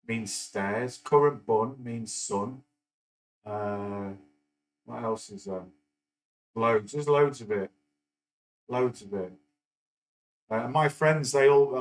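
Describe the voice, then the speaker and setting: A man's voice: mid-range voice, low-quality recording. A middle-aged man from England, chatting casually on a live stream and rambling with many fillers and restarts. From northern England. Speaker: stock market livestream host.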